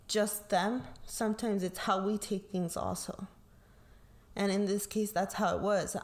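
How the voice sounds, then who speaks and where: Slow, soothing young woman sharing testimony. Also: medium pitch. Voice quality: calm, soothing voice. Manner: slow, reflective, tags lines with "like" and "right?". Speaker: pastor's kid and co-host. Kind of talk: personal faith testimony chat.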